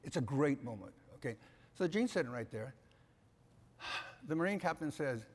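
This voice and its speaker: An older man giving an animated keynote speech, emphatic, often checking in with the audience. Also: high-pitched, moderate pace. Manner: emphatic, repeats "okay?" to the audience. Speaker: keynote speaker. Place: conference hall. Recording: reverberant hall sound.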